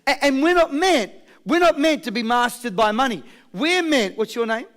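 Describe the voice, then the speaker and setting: A man with a very high voice runs a motivational seminar. He talks with constant energy, calls on the audience to answer and repeat after him, and drops jokey stories along the way. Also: moderate pace. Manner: energetic call-and-response with the crowd; jokey storytelling. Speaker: motivational speaker. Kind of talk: live seminar talk.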